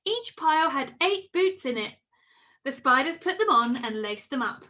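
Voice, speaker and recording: A woman reading a children's story aloud with expressive, sing-song storytelling. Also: sits high, moderate pace, slight background noise.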